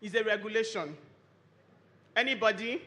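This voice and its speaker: A Nigerian woman, a lawyer and firm co-founder, giving a lively, chatty conference talk and teasing the audience. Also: medium pitch, normal speed. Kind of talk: conference presentation with audience interaction.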